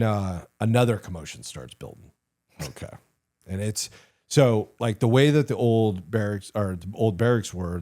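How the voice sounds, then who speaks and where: A fairly low-pitched male voice belongs to a middle-aged retired army sergeant major telling war stories in a casual interview. He's animated and profane, with many a "like" and "you know."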